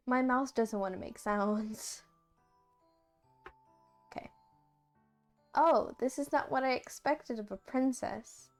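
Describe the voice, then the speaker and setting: A woman's voice: fairly high pitch, takes it slowly, pauses often. A woman streamer reading her own fanfic aloud on a livestream, giggly and self-conscious, full of jokey asides. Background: faint music.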